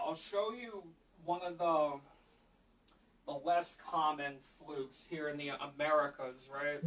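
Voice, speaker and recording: A man speaks slowly and unhurriedly, his voice sitting a little high and staying level, with few rises or falls. He explains his instruments to a live audience with frequent fillers. He is picked up by a camera in a community library room. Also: a bit bright. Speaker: flute player. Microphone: camera mic in the room.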